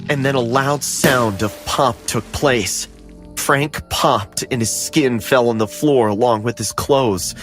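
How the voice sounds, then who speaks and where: Male narrator for a scripted horror tale, mid-pitched, steady and dramatic, faint music under him. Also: slow pace.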